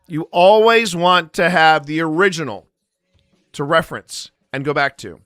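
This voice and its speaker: A man's voice: fairly high pitch, a little slow, a bit bright, dry recording, studio quality. A man hosting a live stream, explaining his editing method in a rambling, jokey way and talking straight to the chat. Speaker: paranormal investigator and live stream host.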